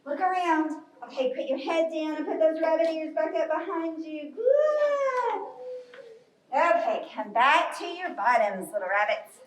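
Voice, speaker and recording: High-voiced, cheery kids' yoga teacher. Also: female voice, normal speed. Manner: cheery, encouraging, talking to small children. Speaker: children's yoga instructor. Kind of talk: kids' yoga storytime class. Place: library room. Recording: echoey room from far off.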